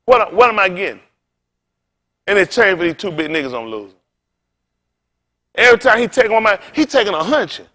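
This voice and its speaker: A man's voice: high-pitched, sing-song, fast, pauses often, sharp tone. A male pastor preaching an informal sermon, folksy and colloquial, telling stories and quizzing the congregation.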